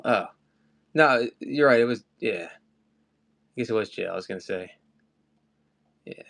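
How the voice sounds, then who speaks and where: A man's voice: mid-range voice, expressive, moderate pace, creaky, pauses often. A man in a middle register runs a live collectibles auction. He chats loosely and wanders off topic before snapping back to prices. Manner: rambling, chatty, often off topic. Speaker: live-stream collectibles seller. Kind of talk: casual live-stream chat.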